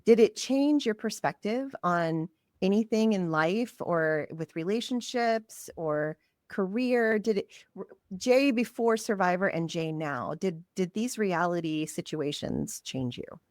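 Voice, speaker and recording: A woman's voice: mid-range voice, lively intonation, measured pace, dry recording, clean studio sound. A woman co-hosting a podcast, asking questions and chiming in with easy agreement. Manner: warm, affirming interviewer with frequent agreement. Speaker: podcast co-host. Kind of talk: casual chat.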